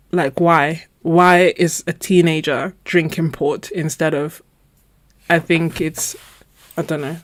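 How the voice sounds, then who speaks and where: A woman's voice: fairly low pitch, no echo. Chatty woman telling a funny story. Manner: animated storytelling, laughs often. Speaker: art channel host. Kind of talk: casual live chat story.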